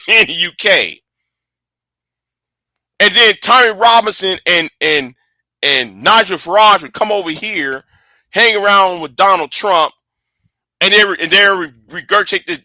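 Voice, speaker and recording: Male commentator, halting delivery, very bright tense tone. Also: sits high, no room sound. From United States. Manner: halting, many repeats and restarts. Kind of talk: casual political commentary.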